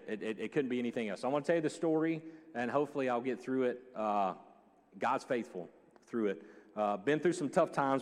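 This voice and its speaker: A man preaching a sermon as a joking, animated storyteller. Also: medium pitch. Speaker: pastor. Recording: long hall reverb.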